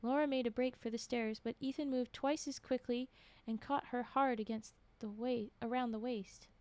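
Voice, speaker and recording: A woman's voice: a little high, steady tone, normal speed, a little mellow, no echo. A woman reading horror stories aloud on a stream, often breaking off to react and comment.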